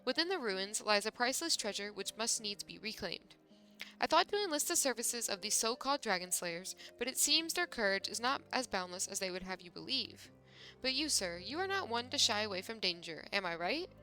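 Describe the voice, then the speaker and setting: A woman's voice: medium pitch, animated, brisk, pushed and bright, faint music behind. A woman voicing a haughty patron in a game who sends a hero after treasure, in formal archaic phrasing. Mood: scheming.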